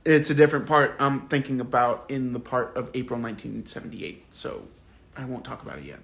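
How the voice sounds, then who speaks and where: A man hosting a livestream book club, talking through the book and reading out viewer comments in a casual, animated, indignant way with slang and swearing. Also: medium pitch, brisk, creaky.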